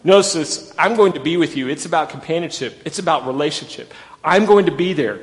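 A man preaching a sermon, animated and emphatic, repeating phrases for stress. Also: on the high side, fairly quick, in a large hall. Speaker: pastor.

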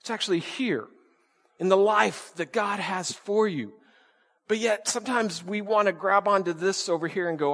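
A male pastor delivers an emphatic sermon in a slightly high voice. He keeps asking his listeners rhetorical questions and repeats his key words for weight. A long reverb trails behind every phrase, as in a large hall. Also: moderate pace, a bit bright.

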